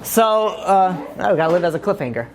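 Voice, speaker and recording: A man, a rabbi, giving a casual, joking Torah lecture to a live class, talking fast and animatedly with lots of "you know". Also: high voice, expressive.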